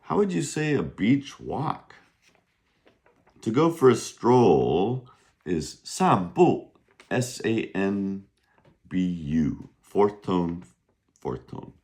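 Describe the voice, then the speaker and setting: Slow, deep-voiced man teaching Mandarin. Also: sing-song, a little mellow. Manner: slow, patient, drawn-out pronunciation modeling; bursts of high pitch when modeling Chinese tones. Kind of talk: casual vocabulary lesson.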